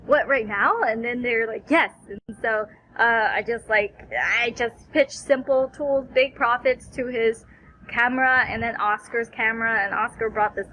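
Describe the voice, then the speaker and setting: A woman vlogger telling a rambling, animated story full of fillers and quoted asides. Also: on the high side, unhurried, a little hiss or hum, poor audio. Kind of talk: casual recap vlog.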